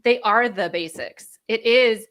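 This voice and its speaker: Bright-voiced energetic woman guest. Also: a little high, a little slow. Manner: energetic, explanatory, laughs often. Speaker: functional medicine practitioner, guest. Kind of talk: interview conversation.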